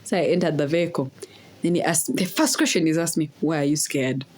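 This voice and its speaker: A woman's voice: low voice, a little fast. A young woman from Uganda, casually telling a story in a vlog and acting out the voices in quotes. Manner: animated, laughing, acts out voices in quotes. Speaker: vlogger.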